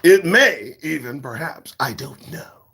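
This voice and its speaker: A man hosting his own morning show, talking in a profane, preachy monologue that swings between shouts and whispers. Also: fairly high pitch, expressive, measured pace, gravelly, slightly rough. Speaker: show host.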